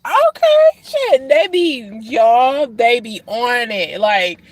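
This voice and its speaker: A woman hosting a reaction video, talking casually and profanely, mocking people loudly and then sighing tiredly about her kids' football season. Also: a little high, expressive, slow. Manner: brash, profane, swings between loud mockery and tired sighs. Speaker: football mom.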